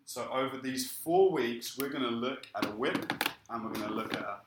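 A man preaching a sermon and telling his own story in a lively way. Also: medium pitch, moderate pace, echoey room, noisy background. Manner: lively storytelling, acting out quoted speech. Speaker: pastor. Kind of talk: sermon with personal testimony.

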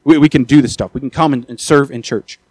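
A man preaching a sermon in a plain mid-pitched voice, recorded dry and close. He talks in a conversational way and often trips over and repeats words as he goes. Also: fairly even intonation, quick pace, breathy edge, dry recording. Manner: builds from quiet talk to loud, high-pitched urgency. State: out of breath after the peak.

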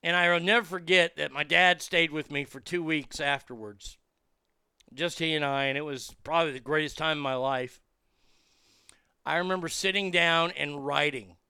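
A man telling a profane, animated story in casual chat, with lots of fillers and restarts. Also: fairly high pitch, normal speed, clean tone, no room sound, studio quality. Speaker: comedian and podcast guest.

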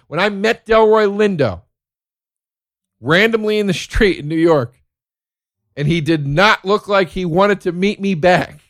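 A man's voice: fairly high pitch, normal speed, dry recording, clean studio sound. A man telling rambling, profane stories in a casual monologue, easily worked up about the things he loves.

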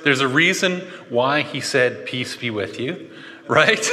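A man preaching a conversational sermon, animated and chatty, with joking asides. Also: medium pitch, slow. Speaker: pastor. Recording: long hall reverb.

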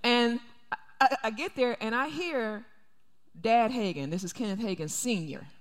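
A woman's voice: on the high side, lively intonation, moderate pace, long reverb tail. A woman pastor preaching a sermon, emphatic and repeating her key phrases. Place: church sanctuary.

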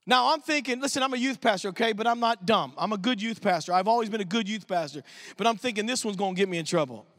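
A man preaching a sermon at a church service, telling stories in an animated, emphatic way as a youth pastor. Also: high-pitched, fast talker. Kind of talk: sermon storytelling.

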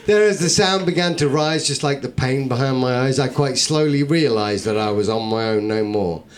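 Brief: male performance poet, middle pitch, theatrical rhythmic delivery, wry comic verse. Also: normal speed. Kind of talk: comic verse recitation to a live audience.

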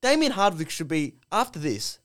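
A man's voice: fairly high pitch, very animated, normal speed, a bit bright. A young man with an Australian accent, co-hosting a podcast with crude, sarcastic banter and constant swearing. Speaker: podcast co-host.

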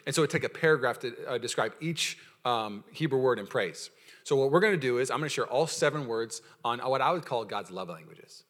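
A man preaching a sermon as pastor, energetic and playful, calling out to the congregation and acting out the voices in his stories. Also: mid-range voice, a little fast. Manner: energetic, playful preaching with audience call-outs; acts out quoted voices in storytelling.

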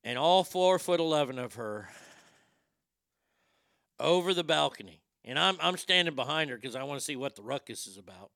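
Crude, punchy middle-aged comedian. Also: male voice, a little high, normal speed, creaky, dry recording, studio quality. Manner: crude, animated, acts out quotes. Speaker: stand-up comedian. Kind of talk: stand-up storytelling.

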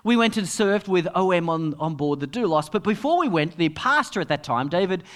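Animated, high-voiced male preacher. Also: a little fast. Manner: storytelling, with dramatic drops to quiet asides. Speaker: pastor. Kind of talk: sermon.

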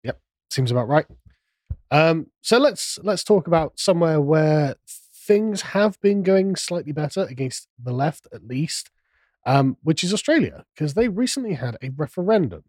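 A man's voice: fairly high pitch, expressive, normal speed, a little mellow, no echo. A man hosting a podcast, talking through politics in a casual, sardonic way. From England. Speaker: podcast host.

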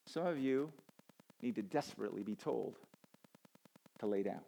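A man giving a conversational, animated sermon to a college audience, using casual asides and self-deprecating humor. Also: mid-range voice, moderate pace, vocal fry. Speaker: campus chapel speaker. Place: college auditorium with a live audience.

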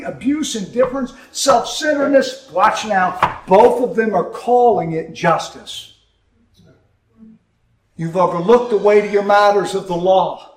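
A man's voice: extremely high pitch, a little hiss or hum. Impassioned male preacher in an echoey hall. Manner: impassioned, rising and dropping emphasis. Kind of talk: sermon. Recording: echoey room from far off.

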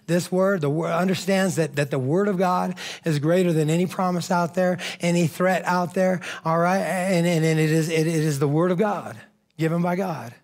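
A man's voice: fairly high pitch, a little mellow. A man preaching a sermon as pastor, fervent and conversational, often saying "man" and "amen".

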